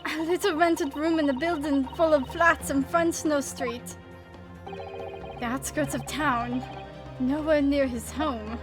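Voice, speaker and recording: A woman's voice: high voice, fairly even intonation, slow, music in the background, voice pushed down. Woman voicing a tough young police girl. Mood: distraught. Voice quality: rough working-class speech. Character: young female scrappy London police apprentice.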